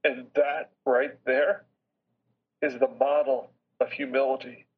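A middle-aged man, a business chairman appearing as a podcast guest, telling a personal story in an earnest, heartfelt way with reflective pauses. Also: medium pitch, level tone, husky. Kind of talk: candid personal storytelling in an interview. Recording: slightly dull lo-fi recording.

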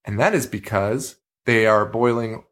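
A man's voice: lowish voice, slow. A man co-hosting a podcast, chatting casually about a horror movie and swearing freely as he retells scenes. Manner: profane, animated storytelling. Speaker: podcast co-host.

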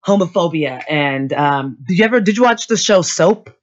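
A woman's voice: lowish voice, lively intonation, moderate pace. A woman co-host in casual chat, rambling with many fillers. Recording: dull lo-fi sound.

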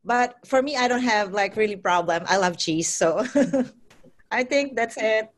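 Woman from the Philippines, a nurse, talks in easy chatty bursts, often breaks into laughter, and restarts her sentences. Her pitch sits in an ordinary middle range. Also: measured pace. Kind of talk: casual interview answer.

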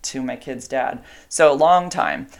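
A woman's voice: extremely low pitch, a little slow, gravelly. A middle-aged woman casually telling a long personal story, rambling with fillers and asides. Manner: chatty, rambling, with fillers and asides to her dogs.

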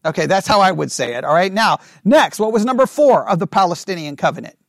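A high-pitched man leads a Bible class. He thinks out loud, restarts his sentences, and keeps asking the room whether they agree. The sound is dry and close, with almost no room echo. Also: lively intonation, quick pace, vocal fry. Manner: checks in with listeners often, asking for agreement; talks through ideas out loud with restarts. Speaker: Bible study teacher.

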